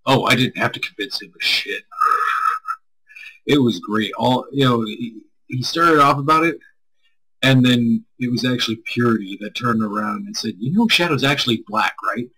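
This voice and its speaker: A man with a husky, breathy tone chats casually while co-hosting a live stream. He rambles loosely through chat questions and swears freely, at an even middle pitch. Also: moderate pace, poor audio. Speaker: stream co-host answering chat.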